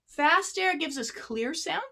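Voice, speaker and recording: A woman's voice: high-pitched, animated, slow pace, vocal fry, bright, forceful tone, soft background music. A woman clarinet teacher giving an online workshop lesson. She explains and demonstrates as she goes, a few feet from her mic.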